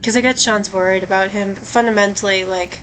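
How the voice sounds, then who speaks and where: A woman's voice: mid-range voice, steady tone, fairly quick, background noise. A woman streamer chatting casually over a game, rambling with lots of filler words. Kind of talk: casual let's-play commentary.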